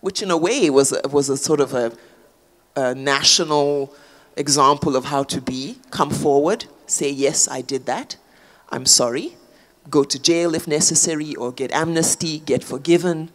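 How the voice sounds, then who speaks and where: Speaking as an author guest in a public conversation on stage, a South African woman comes across thoughtful and searching. Her voice is deep and her pace moderate, with frequent fillers and restarts.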